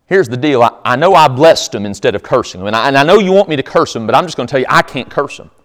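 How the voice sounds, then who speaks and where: A folksy, wheedling prophet, as a preacher puts him on, making a sly deal in a lively voice. Heard in a big room with a long hall reverb. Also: male voice, mid-range voice, quick pace, lightly acted. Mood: scheming. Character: greedy, scheming male prophet.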